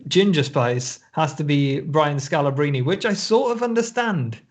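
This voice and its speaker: A man's voice: a little high, expressive, a little slow. A man co-hosting a casual basketball podcast, rambling and restarting, often breaking into laughs. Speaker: podcast co-host. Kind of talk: casual chat.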